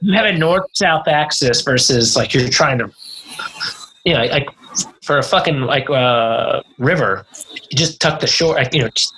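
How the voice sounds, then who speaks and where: A man's voice: mid-range voice, moderate pace, sharp tone, a little hiss or hum, poor audio. A man co-hosting a podcast in casual chat, rambling, swearing freely and trailing off mid-thought. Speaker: podcast co-host.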